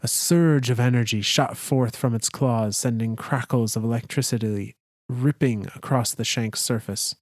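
A man reading a story aloud as a podcast co-host, in a calm, deliberate way. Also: medium pitch, no echo, studio quality. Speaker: podcast co-host, lore reader. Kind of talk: story narration.

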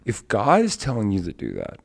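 A man's voice: fairly low pitch, fairly quick, creaky, husky. A middle-aged man, a traveling worship leader and evangelist, telling stories on a faith talk show and acting out the people he quotes. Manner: animated storyteller, acts out quotes.

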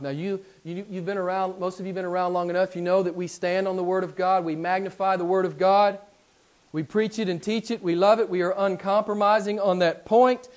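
A middle-aged male pastor with a high, light voice delivers a sermon in a church. He sinks into quiet, low stretches, then climbs to loud, forceful emphasis. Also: steady tone, a little fast. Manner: swings from hushed low passages to loud emphatic declarations. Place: church sanctuary.

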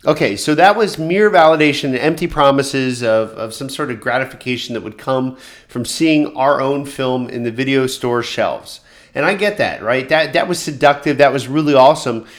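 A man hosting a solo podcast for filmmakers, talking in a conversational and fairly monotone way, with many fillers and restarts. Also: mid-range voice, moderate pace. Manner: calls his own voice monotone. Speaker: podcast host.

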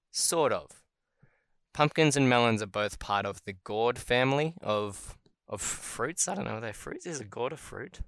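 A man's voice: fairly low pitch, gravelly, a bit bright, dry recording. A man hosting a solo podcast about word origins, chatting casually and thinking aloud as he goes. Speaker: podcast host.

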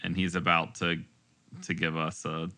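A man's voice: low voice, monotone, normal speed, pushed and bright. A man chatting casually over a game, describing things at length in a wry way. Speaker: let's play co-host. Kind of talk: casual gameplay chat.

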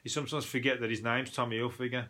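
A man's voice: medium pitch, level tone, fast, bright, forceful tone. A man hosting a solo podcast, running through odd news stories in a sweary, mocking way and laughing at his own jokes. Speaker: podcast host. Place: at home, no video.

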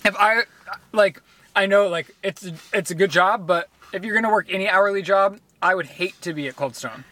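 Bright, chatty woman podcast host. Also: medium pitch, moderate pace. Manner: chatty, laughing easily. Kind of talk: casual chat.

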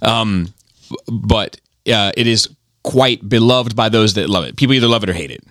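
A man's voice: fairly low pitch, moderate pace, fairly bright tone, no echo, clean studio sound. A middle-aged man and podcast host in casual chat, telling a rambling, profane story.

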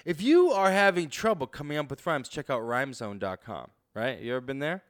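A man's voice: medium pitch, expressive, fairly quick. Man reading tips with jokey asides. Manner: reads tips aloud with jokey asides, tags lines with "right?". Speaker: co-host. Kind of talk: casual comedic chat reading tips.

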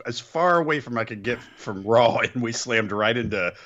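A man's voice: mid-range voice, expressive, normal speed, dull audio, crowd noise. A man co-hosting a podcast, joking and teasing in a casual chat. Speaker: podcast co-host.

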